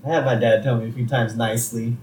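A man's voice: medium pitch, fairly even intonation, quick pace, a little mellow. Guy chatting on a podcast, laughs a lot, quotes lines, echoey room. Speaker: podcast co-host. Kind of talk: casual chat recapping a cartoon episode. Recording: roomy echo.

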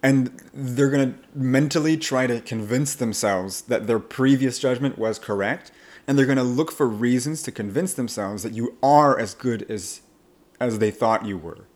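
Male language coach, podcast guest, animated and laugh-prone, middle pitch. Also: moderate pace. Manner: animated, laughs often while explaining.

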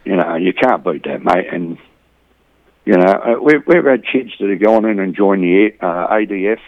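A man's voice: sits low, moderate pace, no echo, muffled recording. A middle-aged Australian man chatting casually as an interview guest, rambling a little and dropping "mate" into nearly every sentence. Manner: rambling, says "mate" constantly, blokey banter. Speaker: boxing community volunteer, interview guest.

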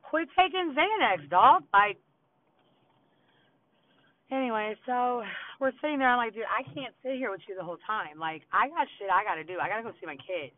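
A woman's voice: mid-range voice, fairly quick, pauses often, no echo. Brief: foul-mouthed woman ranting with stray asides, phone-quality sound. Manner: blunt, heavy swearing, rambling asides. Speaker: podcast host. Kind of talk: casual storytelling monologue. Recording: tinny phone-like audio.

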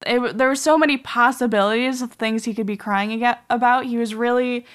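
A woman's voice: fairly high pitch, steady tone, fairly quick, smooth. A woman hosting a podcast, telling a story in a casual, rambling way full of "um" and "like". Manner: rambling, filler-heavy with many "um" and "like". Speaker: podcast host.

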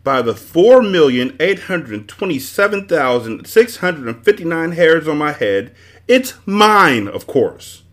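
A man's voice: mid-range voice, sing-song, fairly quick, natural voice. A man voicing a grand, proud old male math wizard who bellows his lines in a storybook reading. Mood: booming.

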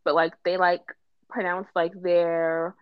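A woman from Minnesota hosting a podcast, chatting in an animated way and filling her speech with "like". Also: fairly low pitch, slow pace, clear, resonant tone, dry recording. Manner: animated, many "like" fillers. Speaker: podcast host. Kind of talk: casual podcast chat. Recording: dry, dull lo-fi mic.

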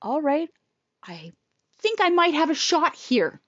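A woman's voice: high voice, big pitch swings, takes it slowly, dry recording, lo-fi sound. A woman telling a personal story in a casual, blunt, profane and emotional way.

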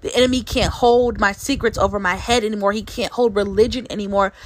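A woman's voice: medium pitch, fairly even intonation, quick pace, slight background noise, low-quality recording. A woman in her late twenties giving an earnest devotional sermon, repeating key phrases for emphasis. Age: late 20s. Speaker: Christian speaker.

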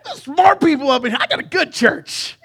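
A man preaches to his church with a high, ringing voice. He jokes with the congregation, calls for answers and sings short snippets of songs, speaking with a bright edge. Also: moderate pace. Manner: lively, banters with the congregation and sings song snippets. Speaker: pastor. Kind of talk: live sermon. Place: church sanctuary.

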